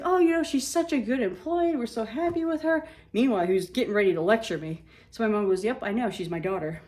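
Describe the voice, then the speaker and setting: A young woman telling stories from her life in a lively, casual way, acting out the people she quotes and swearing freely. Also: medium pitch, recorded from a distance. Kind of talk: casual storytelling. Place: home kitchen. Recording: echoey room.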